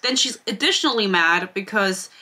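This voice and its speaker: A woman's voice: mid-range voice, animated, normal speed, pushed and bright. A woman giving a casual, rambling book review, sarcastic and swearing freely.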